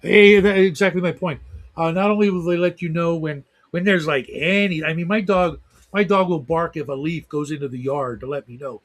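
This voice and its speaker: A man's voice: on the high side, fairly even intonation, moderate pace. A middle-aged man hosting a livestream talk show in casual chat, rambling with lots of fillers. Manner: rambling, heavy use of fillers.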